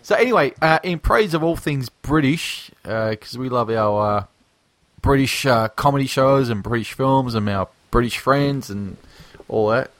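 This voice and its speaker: An Australian man co-hosts a podcast in a loose, rambling chat full of fillers and jokes. His voice sits at an ordinary middle pitch. The recording is dry and close, with no room sound. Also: animated, measured pace, fairly bright tone, dry recording. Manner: rambling, filler-heavy, joking. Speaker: podcast co-host. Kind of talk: casual chat.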